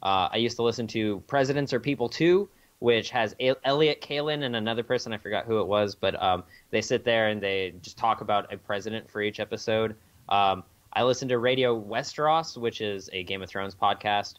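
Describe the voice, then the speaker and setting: A man's voice: lowish voice, fairly quick, highs cut off. A man co-hosting a podcast in casual, profane chat with lots of fillers. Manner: loose and profane, many fillers. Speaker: podcast co-host.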